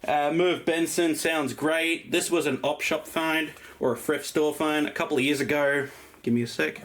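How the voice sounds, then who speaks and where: This record collector vlogger, an Australian man, speaks at a moderate pace in a slightly high, fairly bright voice with fairly even intonation. Listing his vinyl in a casual show-and-tell, he rambles and fills the gaps with lots of ums and uhs.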